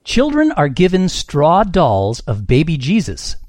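A man's voice: fairly high pitch, wildly swooping pitch, unhurried, darkish tone, dry recording. A man hosting a comedy quiz game on a podcast, reading scores and answers with a wry, self-mocking manner.

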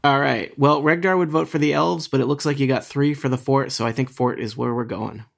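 A man's voice: mid-range voice, fairly even intonation, fairly quick, creaky. A man playing a tabletop game, easygoing. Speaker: player. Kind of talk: casual game play.

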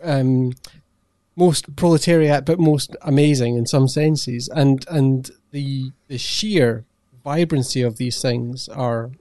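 A man's voice: medium pitch, slow pace, dark tone, no echo. A man in casual conversation, speaking emphatically and with enthusiasm. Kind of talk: casual chat.

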